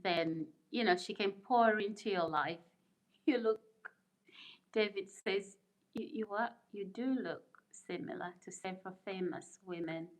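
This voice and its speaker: A woman's voice: medium pitch, unhurried. A middle-aged woman hosting a live stream, chatting casually, laughing often and answering viewer comments as she reads them out. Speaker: livestream host reading viewer comments.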